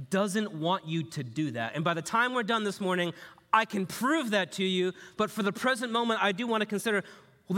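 A man with a high, bright, forceful voice preaches a sermon, weaving in personal stories and rhetorical questions to his listeners. His voice rings out with a long reverb, as in a large hall. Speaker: pastor.

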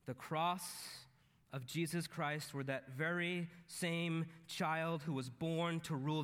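A man preaching a sermon, swinging between loud emphatic peaks and low, intense stretches. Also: steady tone, a little slow, in a large hall.

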